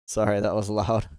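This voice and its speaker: Clear and resonant, with a darkish tone on the low side, an American man's voice is captured in a dry, studio-quality recording. He's livestreaming a game, rambling casually with his viewers and laughing often.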